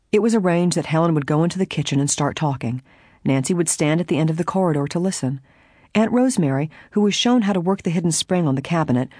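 An audiobook narrator reading a mystery novel in a steady, measured scripted narration. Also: mid-range voice, dry recording, studio quality.

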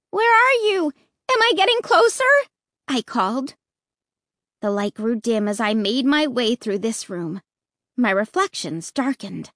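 Slow, expressive woman narrating a story. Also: fairly high pitch, no room sound, clean studio sound. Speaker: audiobook narrator. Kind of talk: first-person audiobook narration.

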